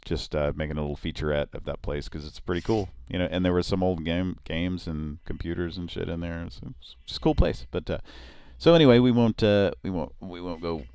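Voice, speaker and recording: Casual live-stream co-host, a man with a deep, smooth voice, chatty and rambling. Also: fairly quick, hardly any pauses, a little mellow, dry recording. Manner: rambling, many restarts, swears casually. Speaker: podcast host.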